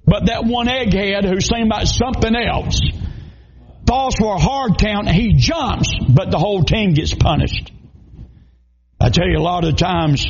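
A Southern pastor from Georgia preaches with a high, gravelly voice. He tells folksy, funny stories and sometimes raises his voice to drive a point home. The recording sounds dull and lo-fi. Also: a little slow. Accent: Southern American (Georgia). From South Georgia, USA. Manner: folksy storytelling, humorous, raising voice to preach. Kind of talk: sermon.

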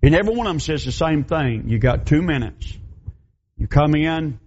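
A man's voice: a little high, animated, normal speed, a little mellow, slight background noise. Folksy preacher man, muffled sound. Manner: folksy, emphatic, repetitive phrasing. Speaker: pastor. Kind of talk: sermon storytelling. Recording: dull lo-fi recording.

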